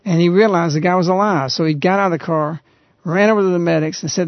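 A man hosting a radio talk show, earnestly retelling a story in a halting, conversational way. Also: high-pitched, dry recording. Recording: dull, lo-fi radio recording.

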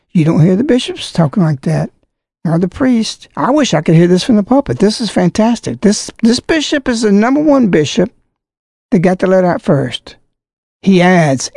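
A man's voice: high-pitched, animated, normal speed, warm tone, no room sound, clean studio sound. A man giving impassioned religious commentary, preaching emphatically and hitting words hard.

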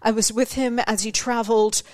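A woman's voice: on the high side, flat delivery, normal speed, no echo, clean studio sound. A middle-aged woman hosting her own show, telling stories in a chatty way, laughing often and acting out the voices she quotes. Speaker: podcast host. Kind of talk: casual monologue.

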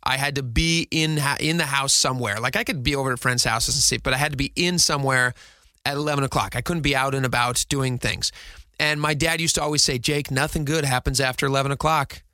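A man's voice: mid-range voice, fairly even intonation, quick pace, pushed and bright, no echo, clean studio sound. A man in his thirties hosting a radio talk show, chatty and upbeat with rambling asides. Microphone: studio mic.

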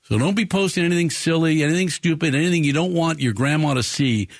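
A man's voice: on the high side, quick pace, no echo. Chatty male sports radio host, dry sound. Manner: rambling, enthusiastic, restarts often. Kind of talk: casual sports talk radio.

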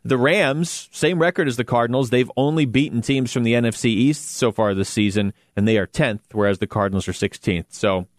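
A man's voice: mid-range voice, a little fast, hardly any pauses, dry recording, studio quality. A man hosting a sports talk show, chatting casually and animatedly about a football team's playoff chances with self-deprecating asides. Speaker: sports radio host.

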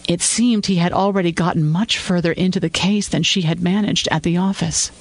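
A man reading scripted fiction narration in an even, measured way. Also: high-pitched, low-quality recording.

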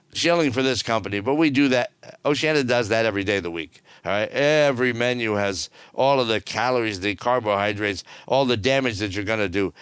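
A man's voice: medium pitch, a bit bright, clear, resonant tone, dry recording. A middle-aged man giving casual cruise news commentary, with wry, sarcastic asides. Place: on board a cruise ship.

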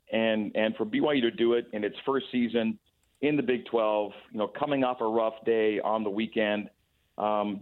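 Man, sports radio guest, mid-pitched, phone-line sound, halting restarts. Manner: thoughtful, many restarts and repeated words. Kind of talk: sports radio call-in chat.

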